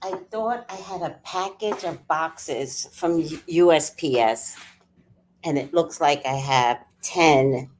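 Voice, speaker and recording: A woman's voice: low-pitched, takes it slowly, a little hiss or hum. A woman hosting a casual livestream, chatting with viewers, laughing often and greeting people by name. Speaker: livestream host.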